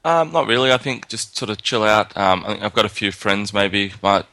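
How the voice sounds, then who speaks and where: A man's voice: fairly low pitch, lively intonation, fairly quick, sharp tone, no echo. An Australian man co-hosting a podcast, chatting casually and rambling with restarts. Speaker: podcast co-host. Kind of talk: casual chat.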